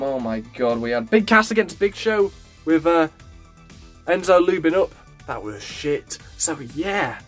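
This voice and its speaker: A man giving a casual, blunt wrestling review vlog, swearing freely and sounding animated. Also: fairly high pitch.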